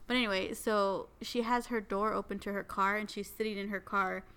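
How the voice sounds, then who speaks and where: A woman telling a funny story in casual chat, animated and quick to laugh at herself. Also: medium pitch, smooth.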